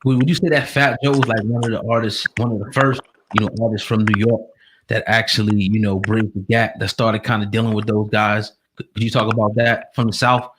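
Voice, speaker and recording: A man's voice: lowish voice, flat delivery, fairly quick. A man hosting an interview over a remote call, asking long rambling questions full of fillers. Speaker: interviewer host. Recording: noisy call line with clicks.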